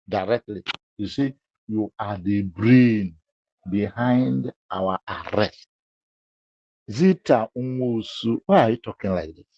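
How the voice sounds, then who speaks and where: A man's voice: lowish voice, dark tone, no echo, highs cut off. A man scolding a critic in a direct-address rebuttal, emphatic and full of repeated rhetorical questions. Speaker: public figure addressing a critic.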